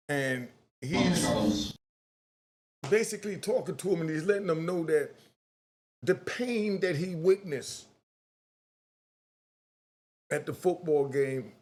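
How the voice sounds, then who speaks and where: A man hosting a casual online commentary, talking straight to his viewers in an animated way and acting out quotes. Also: a little high.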